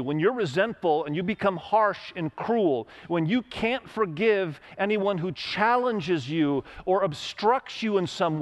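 A middle-aged man preaching a sermon to his church, telling stories and acting out the people in them, with emphatic rises in his voice. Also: high voice. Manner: storytelling with acted quotes, emphatic rises. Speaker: pastor.

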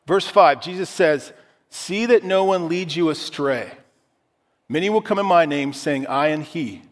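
Pastor preaching in a reverberant hall. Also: male voice, fairly high pitch. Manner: conversational, animated Bible teaching with frequent repeats. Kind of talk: sermon.

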